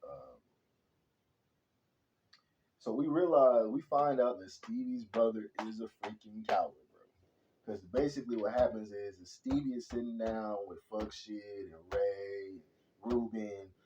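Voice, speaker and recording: A man's voice: lowish voice, measured pace, dull audio, a little hiss or hum. Slangy young-sounding man reviewing a movie. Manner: slangy and animated, says "bro" and "hella" constantly.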